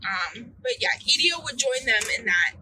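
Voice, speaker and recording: A woman's voice: fairly high pitch, animated, normal speed, background noise. A tired young woman hosting a podcast alone while driving. She chats casually, rambles, loses her words and swears freely. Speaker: podcast host. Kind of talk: casual solo chat.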